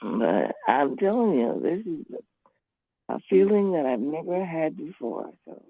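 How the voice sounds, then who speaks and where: A woman's voice: sits low, sing-song, unhurried, slightly rough, dry recording. A woman calling in to an online class, talking in a rambling, emphatic way and repeating herself. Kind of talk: casual spoken account. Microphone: computer call. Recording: tinny phone-like line.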